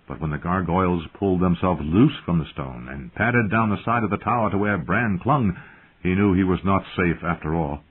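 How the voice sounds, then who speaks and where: A man narrating an audiobook in a steady, dramatic storytelling manner, heard through a narrow, phone-like sound. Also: low voice, normal speed, slightly rough. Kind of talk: scripted narration.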